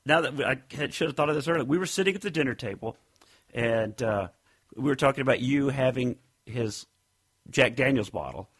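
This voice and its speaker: A man's voice: medium pitch, a little fast, fairly bright tone, husky. A man co-hosting a casual podcast, telling rambling stories and acting out what people said. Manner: rambling storyteller, acts out quotes. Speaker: podcast co-host. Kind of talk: casual chat.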